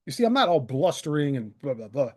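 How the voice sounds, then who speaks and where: Speaking fast in a fairly high voice, a man in his 30s who hosts a channel launches into an angry, sarcastic solo rant to camera, swearing and extremely animated, talking into a desk mic.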